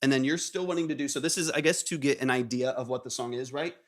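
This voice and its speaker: A man hosting a live stream in casual chat, upbeat and quick to praise. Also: mid-range voice. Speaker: live stream host reviewing music submissions.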